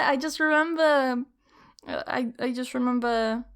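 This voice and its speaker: A woman's voice: on the high side, slow pace, clear, resonant tone. A young woman hosting a podcast, telling personal stories in a rambling, casual, confessional way, laughing often. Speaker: podcast host. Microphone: camera recording.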